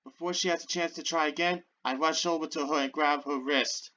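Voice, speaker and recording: A woman playing a visual novel, reading the text aloud and reacting with loud exclamations. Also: brisk. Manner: excitable, exclaims loudly, drops to a low voice for narration. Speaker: let's play gamer. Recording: dull lo-fi audio over game music.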